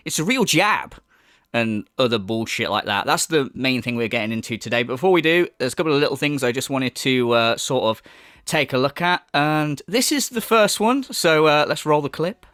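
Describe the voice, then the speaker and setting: A man's voice: medium pitch, a little fast, a bit bright, clean tone, dry recording, studio quality. A man doing crude, mocking commentary as a YouTuber, laughing between jabs. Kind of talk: ranting commentary.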